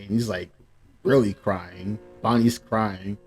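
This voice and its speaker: A man hosting a live manga reaction, reading dialogue aloud and breaking into excited high exclamations. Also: moderate pace, faint music behind.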